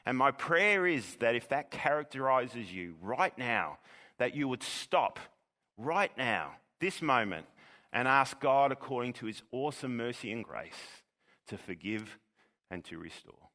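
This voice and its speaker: Male pastor, earnest sermon delivery, bright forceful voice, long hall reverb. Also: mid-range voice, big pitch swings. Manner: earnest, measured preaching with repeated words.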